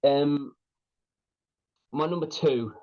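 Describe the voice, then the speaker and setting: A man's voice: fairly high pitch, drawn-out words, a little mellow, muffled recording. A man in his late thirties co-hosting a podcast, chatting casually and telling stories with animation. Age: late 30s. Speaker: podcast co-host. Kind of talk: casual chat.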